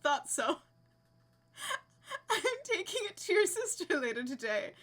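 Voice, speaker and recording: A woman's voice: high-pitched, very animated, measured pace, a bit bright. A young woman live streaming a game, chatting casually and giggling as she reads out names with delight.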